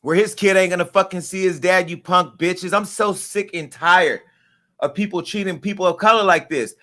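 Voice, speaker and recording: A man's voice: high voice, steady tone, moderate pace, bright, forceful tone. A middle-aged man hosting a live show, delivering an angry, profane, emphatic rant. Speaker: host. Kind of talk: impassioned live-stream rant.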